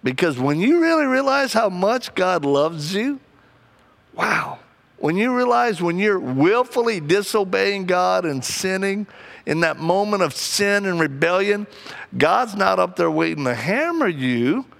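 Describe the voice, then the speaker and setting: A male preacher with a gravelly, somewhat high voice, delivering a sermon. He mixes preaching with personal stories, acting out the people in them in an animated way. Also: unhurried. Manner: animated, acts out quoted people, laughs often.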